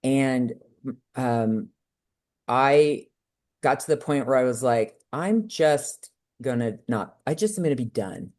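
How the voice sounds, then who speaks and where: Animated woman telling a personal story. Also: slow pace. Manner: animated, acts out quoted voices with big pitch jumps. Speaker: podcast guest. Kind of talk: candid conversational storytelling.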